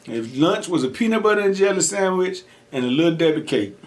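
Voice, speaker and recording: A man's voice: fairly high pitch, animated, brisk. A young man hosting an eating show, telling a story casually, laughing often and acting out quotes. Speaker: mukbang host.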